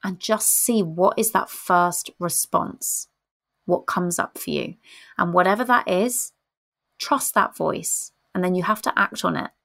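A woman in her thirties giving frank, casual relationship advice, animated and swearing freely. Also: lowish voice, measured pace, vocal fry.

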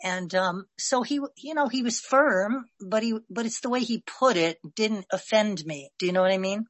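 A woman's voice: mid-range voice, moderate pace, dry recording. A woman in a group discussion telling a personal story casually, rambling, with many fillers. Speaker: discussion participant.

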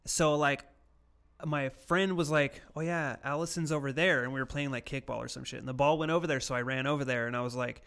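A man's voice: medium pitch, fairly quick, gravelly, fairly bright tone, clear, resonant tone. Laughing, swearing young man telling stories. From United States. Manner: profane, laughing storyteller. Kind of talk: casual chat.

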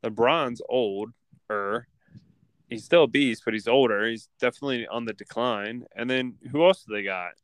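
A man's voice: medium pitch, moderate pace, clean tone, no echo. A young man co-hosting a podcast in a casual chat, giving blunt, emphatic opinions. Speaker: podcast co-host.

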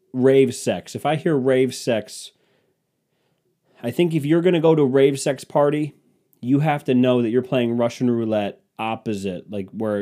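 A man's voice: medium pitch, dark tone. A young man hosting a podcast, riffing in a rambling, self-mocking, crude comedic monologue. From Cleveland, Ohio. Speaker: podcast host.

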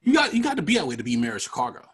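A man's voice: fairly high pitch, wildly swooping pitch, rapid-fire, fairly bright tone, husky. A man from New York hosting a casual political commentary podcast, joking and laughing often with rambling asides. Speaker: podcast host.

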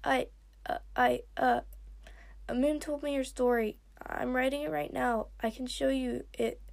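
A woman's voice: sits high, creaky, mellow, voice pushed up, full character voice. Woman doing a stammering shy boy dragon. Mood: nervous. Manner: stammering, halting. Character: nervous young male seawing dragon, stammering.

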